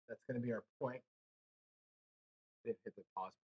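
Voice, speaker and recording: Mid-range and slightly rough, this man's voice has its highs cut off. As a craps streamer, he mutters frustrated casual commentary to his viewers while rolling dice, cursing between throws.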